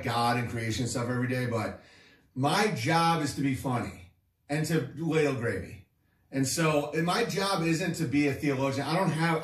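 A man's voice: on the high side, echoey room, far from the mic. A man hosting a comedy show, riffing in a sarcastic, crude, rambling way. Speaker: comedian host.

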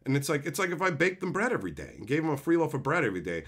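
A man's voice: fairly high pitch, huge pitch swings, very fast, slightly rough. A man streaming live, ranting in an exasperated, profane way about entitled viewers. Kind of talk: livestream rant.

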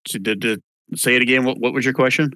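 Man, game master, casual, halting, mid pitch, dry sound. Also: steady tone, bright, forceful tone, dry recording. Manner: halting, casual, many restarts. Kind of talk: narrating a tabletop game.

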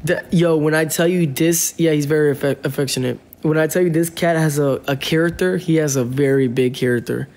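A man's voice: fairly high pitch, a little fast, hardly any pauses, darkish tone, echoey room. A man livestreaming from home, pleading with viewers over and over and thanking them by name. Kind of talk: casual livestream chat. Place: home room.

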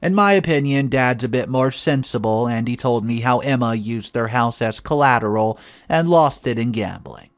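A man reading a first-person story aloud with lively, dramatic storytelling. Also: medium pitch, normal speed, hardly any pauses, dry recording, faint music behind. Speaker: story narrator.

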